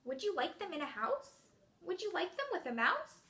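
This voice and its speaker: A woman's voice: extremely high pitch, big pitch swings, moderate pace, sharp tone, a little hiss or hum, exaggerated voice. Woman doing a cheerful coaxing storybook character. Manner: happy, coaxing. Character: cheerful, persistent storybook character offering food.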